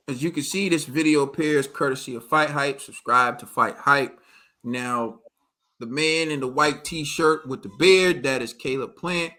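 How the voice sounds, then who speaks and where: Bright-voiced man commenting on boxing footage. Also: on the high side. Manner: laid-back, conversational, repeats himself. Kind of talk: casual commentary over video.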